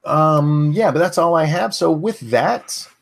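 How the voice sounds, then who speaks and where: A man co-hosting a casual news livestream, talking haltingly with many fillers. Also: on the high side, lively intonation, creaky. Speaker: co-host.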